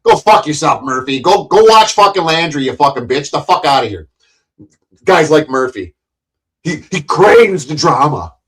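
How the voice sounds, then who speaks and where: A man's voice: fairly high pitch, sing-song, moderate pace, fairly bright tone. A man, hosting his own live stream and ranting at his audience in a profane, combative, mocking way. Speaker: livestream host.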